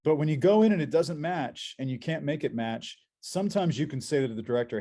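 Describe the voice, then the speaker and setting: A man who works as a voice actor, guesting on a convention panel and telling animated anecdotes, repeating words as he restarts. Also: medium pitch, brisk, few pauses.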